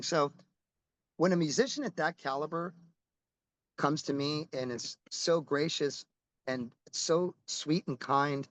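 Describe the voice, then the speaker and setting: Rambling middle-aged rock musician, dry sound. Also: male voice, on the high side, dry recording, poor audio. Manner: animated, rambling storyteller with many restarts and casual swearing. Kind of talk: casual interview storytelling.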